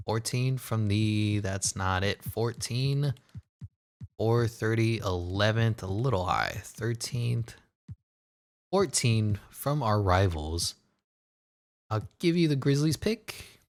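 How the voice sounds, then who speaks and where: A man with a fairly low voice runs through his basketball video game in loose, casual commentary. He talks to himself, jumps between deadpan asides and sudden bursts of excitement, and swears and laughs freely along the way. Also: slow pace. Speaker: gaming commentator.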